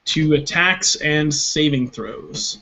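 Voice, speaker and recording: A man's voice: fairly high pitch, slow, gravelly, bright, forceful tone. A man playing a tabletop game, tentative and thinking aloud about his moves. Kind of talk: casual game chat. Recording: muffled lo-fi recording.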